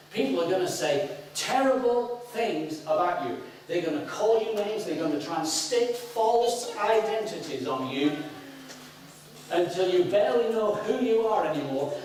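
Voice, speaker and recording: Northern English preacher in an echoey hall. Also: male voice, on the high side, measured pace, slight background noise. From north of England. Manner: animated, playful, whoops and jokes with the congregation. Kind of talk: sermon. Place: church hall. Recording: very echoey hall, picked up from a distance.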